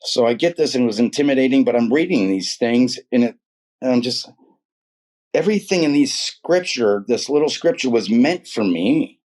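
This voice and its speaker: A man's voice: medium pitch, expressive, moderate pace, a little mellow. A middle-aged man telling his own life story in casual, earnest, rambling speech, full of "dude" and "man". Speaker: guest telling his testimony. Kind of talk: casual personal testimony.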